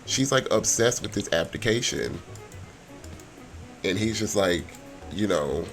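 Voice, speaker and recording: A man's voice: fairly low pitch, lively intonation, unhurried, pauses often, soft background music. Chatty man narrating a game story. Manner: chatty, laughing, slangy. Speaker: gameplay storyteller.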